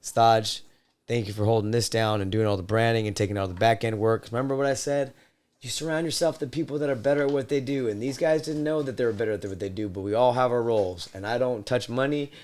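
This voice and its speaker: A man hosting a podcast from his home man cave, casual talk that builds into loud wrestling-style promo shouting. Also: medium pitch, fast talker. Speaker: podcast host.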